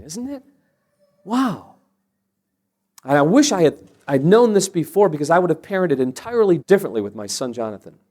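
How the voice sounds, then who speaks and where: This man speaks on the high side with a somewhat dark tone. A Christian parenting speaker, he delivers an earnest, sermon-style teaching on raising children, weaving in anecdotes and frequently restarting phrases as he works toward his point.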